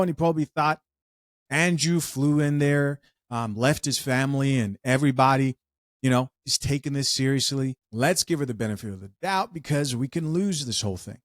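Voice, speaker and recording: A man's voice: medium pitch, moderate pace, no echo. Guy doing reaction commentary, talks right to his viewers, super dry close sound. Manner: conversational, addresses viewers directly. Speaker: commentary host.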